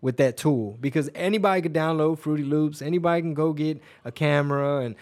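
A man's voice: fairly high pitch, brisk, a little mellow. A man hosting a casual interview, laid-back and slangy, telling stories in an easy way. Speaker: host.

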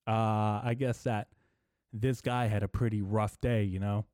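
Rambling, profane young man, low and dark. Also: unhurried, no echo, studio quality. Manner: rambling, profane, deadpan delivery with filler words. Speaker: podcast host. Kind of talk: casual rambling comedy monologue.

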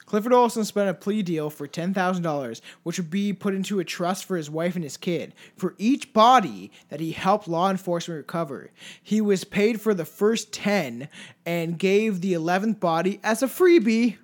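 A man's voice: high voice, lively intonation, normal speed. A man co-hosting a casual true-crime podcast, joking and swearing as he talks through cases. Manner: profane, joking, trails into mumbles. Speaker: podcast co-host.

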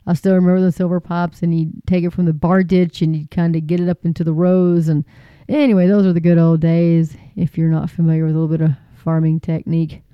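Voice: medium pitch, level tone, fairly quick, smooth, no room sound, dull audio. A faith vlogger chatting casually to viewers in a rambling, folksy way, with many fillers and preachy turns. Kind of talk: casual chat to camera.

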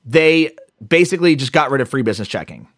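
A man co-hosting a podcast, telling a story in a casual, animated way and swearing now and then. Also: medium pitch, quick pace, no room sound, clean studio sound. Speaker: podcast co-host.

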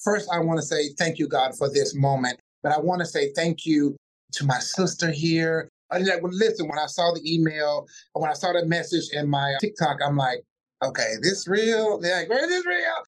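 A man from North Carolina, a pastor, chatting in an interview in an excitable way and repeating words for emphasis. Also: a little high, moderate pace. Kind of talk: casual interview chat.

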